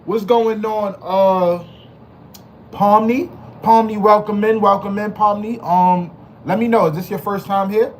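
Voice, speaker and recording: A man's voice: high voice, fairly even intonation, a little slow, a little hiss or hum. A man hosting a casual live stream, hyped and slangy, greeting chat members by name and repeating his phrases. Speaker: livestream host.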